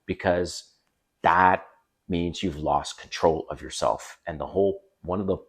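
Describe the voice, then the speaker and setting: A man's voice: sits low, fairly even intonation, unhurried, husky. A man giving blunt, emphatic dating advice straight to camera, swearing casually as he coaches. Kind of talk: direct-to-camera coaching talk. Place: home by a busy street.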